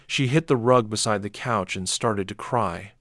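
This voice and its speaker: In clean studio sound free of any room tone, a man narrates a scripted first-person horror tale. His reading stays restrained and measured, with sudden sharp bursts on quoted lines.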